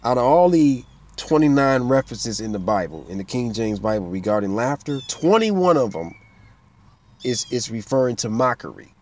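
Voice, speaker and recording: A man preaching a sermon in an emphatic style, swinging between loud bursts and quiet asides, with features. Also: mid-range voice, very animated, normal speed.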